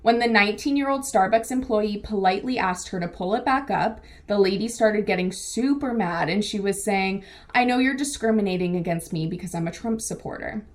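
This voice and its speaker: A woman's voice: medium pitch, fairly quick. A young woman from the San Diego area co-hosting a casual weekly recap, chatty and laughing often. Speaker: co-host. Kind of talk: casual news recap chat.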